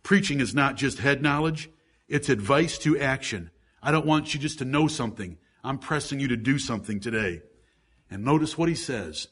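Husky man preaching a fervent sermon. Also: mid-range voice, expressive, moderate pace. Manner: fervent preaching with loud pleading climaxes. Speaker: pastor.

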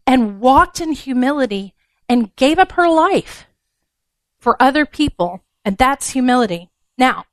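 Speaking to a gathering of women, a preacher delivers a conversational sermon in a frank, down-to-earth style full of blunt humor. Her voice sits a little high with a fairly bright tone, and the sound is dry and close with no echo.

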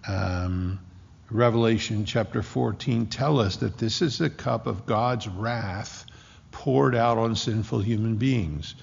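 Gravelly-voiced preacher man in echoing hall. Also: on the low side. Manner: impassioned preaching with slow, drawn-out emphasis. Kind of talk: sermon. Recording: dull lo-fi with long hall reverb.

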